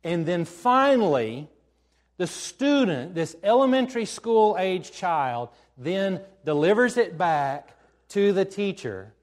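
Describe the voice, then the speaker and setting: A male pastor preaches with a lively, swinging voice set a touch high, telling the story with gusto. He slips into acted-out lines as he goes, and his pitch rises and falls freely. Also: slow. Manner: animated storytelling, acting out quoted lines. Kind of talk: sermon.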